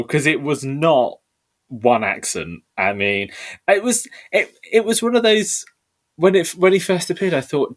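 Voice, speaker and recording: A podcast co-host chatting casually, animated and incredulous. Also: mid-range voice, unhurried. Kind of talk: casual chat.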